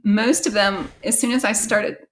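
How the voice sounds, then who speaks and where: A woman's voice: mid-range voice, moderate pace. An American woman author chatting casually in an interview, with frequent fillers and easy laughter. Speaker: author guest.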